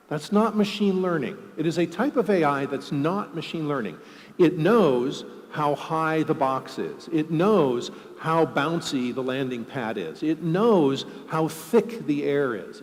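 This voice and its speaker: A man speaks from a conference stage with a very lively, animated pitch. His voice rings with a long reverb from a large hall. He jokes and explains with everyday examples, keeping the crowd engaged. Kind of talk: conference keynote.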